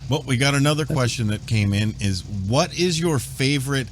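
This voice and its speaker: A man's voice: mid-range voice, lively intonation, normal speed. A man, the show's engineer, reading viewer questions from chat in a plain, hesitant way with corrections. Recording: faint background noise.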